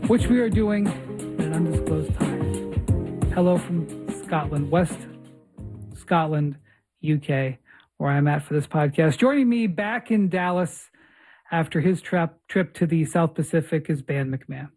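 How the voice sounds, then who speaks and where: A man with a fairly high, slightly slow, somewhat mellow and rough voice hosts a casual podcast chat, with faint music behind him. He tells long, rambling stories about his own mix-ups, poking fun at himself and doubling back to restart sentences.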